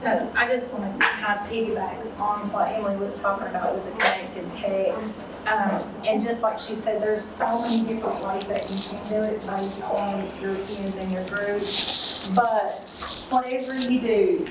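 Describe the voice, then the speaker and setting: A woman's voice: medium pitch, fairly even intonation, normal speed. A woman teacher adding to a colleague's point at a training session, speaking with firm emphasis. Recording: distant roomy mic with background noise.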